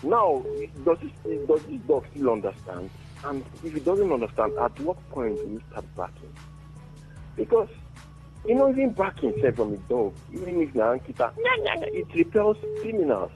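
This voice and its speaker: A man's voice: fairly high pitch, huge pitch swings, normal speed, darkish tone, soft background music, rough recording. A man from Rivers State with a Nigerian accent calling a radio show, voicing his concerns through earnest rhetorical questions. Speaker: caller. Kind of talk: call-in radio talk.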